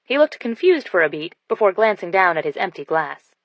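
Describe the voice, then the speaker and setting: A woman's voice: fairly low pitch, lively intonation, fairly quick, hardly any pauses, a bit bright, no echo. A woman narrating a first-person romance audiobook in an intimate storytelling manner. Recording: dull dry studio sound.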